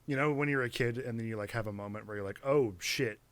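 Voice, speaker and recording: A man's voice: mid-range voice, very fast, fairly bright tone, dry recording. A man from Central California, co-hosting a podcast in a laid-back casual way. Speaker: podcast co-host. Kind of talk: casual chat.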